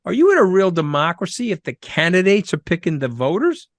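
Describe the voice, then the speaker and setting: A middle-aged New man speaks as an interview guest, somewhat high for a man and full of emphatic, rapid-fire energy. His voice sits close and dry, with no room around it. He tells stories in a lively, punchy way. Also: no room sound. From Long Island, New York. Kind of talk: conversational interview.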